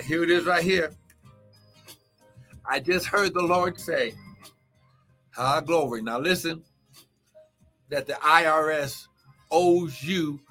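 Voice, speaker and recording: Fervent, bright-voiced male preacher. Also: a little high. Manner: fervent, with shouted exclamations and speaking in tongues. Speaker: pastor and prophet. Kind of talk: live morning prayer and preaching.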